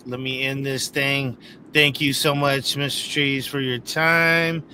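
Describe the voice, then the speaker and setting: A man hosting a casual interview show, eagerly cheering his guest on with quick hyped affirmations. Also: mid-range voice, level tone, pushed and bright, slight background noise. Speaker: host.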